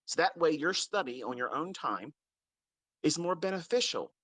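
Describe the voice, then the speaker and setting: A trading mentor, a man, rants at his followers with a bluntness full of curses, hammering each point twice. His voice sits a little high and leaps widely as he scolds. The sound is close and dry, with no room around it. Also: expressive, moderate pace, a bit bright, no echo. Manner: blunt, scolding, heavily profane; stresses points by repeating them. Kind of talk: unscripted ranting lecture to followers.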